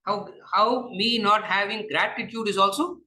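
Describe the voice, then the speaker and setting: A man's voice: high-pitched, normal speed, pushed and bright, low-quality recording. A man with a Tamil accent giving a classroom lecture on philosophy, asking rhetorical questions and repeating his phrases. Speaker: spiritual lecturer.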